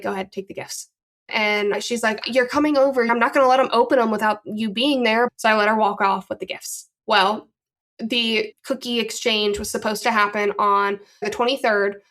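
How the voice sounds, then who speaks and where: A woman from the northern United States, a podcast guest telling a story casually and acting out the lines she quotes. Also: medium pitch. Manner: animated, acts out quoted dialogue.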